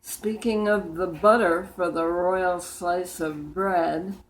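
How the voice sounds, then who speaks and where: A woman of about a hundred reciting humorous poems from memory, in a deliberate way with small slips and restarts. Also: on the low side, fairly even intonation, low-quality recording. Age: about 100.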